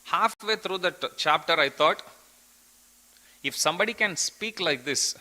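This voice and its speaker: Bright-voiced man giving a scripture class. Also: fairly high pitch, lively intonation, a little slow, poor audio. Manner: earnest storytelling, quoting verses.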